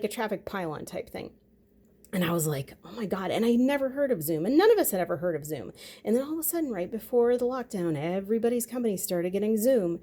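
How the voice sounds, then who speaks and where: Mellow-voiced woman rambling casually. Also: mid-range voice. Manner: rambling, conversational, with frequent fillers. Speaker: vlogger. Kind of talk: casual monologue.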